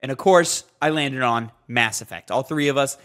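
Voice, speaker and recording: A man's voice: medium pitch, normal speed, a bit bright. A man co-hosting a casual gaming podcast, brash and profane, hyping things up. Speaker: podcast co-host.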